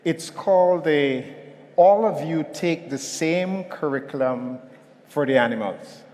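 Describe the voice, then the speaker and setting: A man's voice: on the high side, a little slow, darkish tone, voice pushed down, close to an everyday voice. A man voicing a stern male instructor at an animal school, handing down rules, in a reverberant hall. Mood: commanding. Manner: commanding, announcing rules.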